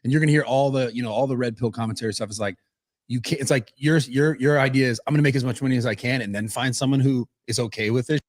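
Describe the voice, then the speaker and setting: A man gives casual commentary, rattling off his points quickly and often restarting mid-phrase. His pitch sits in the middle range. The sound is dry and close. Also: fairly even intonation, no echo. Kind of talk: casual commentary in a played clip.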